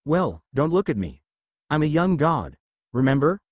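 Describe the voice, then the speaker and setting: A bored, sarcastic male god drawls his lines with a lively pitch, as a man narrating puts him on. The recording is close and dry, with no room sound, and the god sounds languid and mocking. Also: moderate pace, breathy edge, dry recording. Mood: sardonic.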